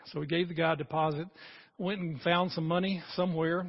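A man's voice: on the high side, little pitch movement, fairly quick, creaky, muffled recording. A man in his sixties preaching a sermon as a pastor, talking earnestly and conversationally and building to emphatic peaks.

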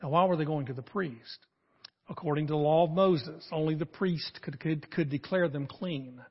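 An older man preaching a sermon as a pastor, telling the story in an animated way and acting out the voices in it. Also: on the high side, normal speed, breathy edge, big-room sound, lo-fi sound.

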